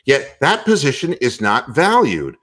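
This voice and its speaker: A man hosting a sports talk show, ranting loudly and profanely with a comedic bent. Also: mid-range voice, unhurried. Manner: loud, profane, animated ranting. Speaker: podcast host.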